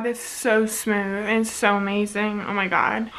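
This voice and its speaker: A young woman vlogger reacting excitedly at home, gushing and repeating herself with lots of fillers in casual chat. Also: medium pitch, unhurried, hardly any pauses, poor audio.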